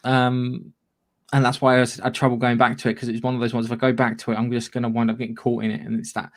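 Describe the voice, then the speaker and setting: A man's voice: mid-range voice, monotone, quick pace. Rambling man chatting games. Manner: rambling, swears freely, laughs often. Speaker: podcast co-host. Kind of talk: casual chat.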